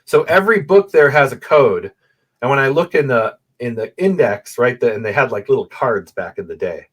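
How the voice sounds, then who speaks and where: A man talks through his research as a guest on a video call, mid-pitched and animated. He explains step by step and keeps checking in with his listener. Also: moderate pace. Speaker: guest, Bible manuscript scholar. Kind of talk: explanatory conversation. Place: room with a bookshelf photo backdrop.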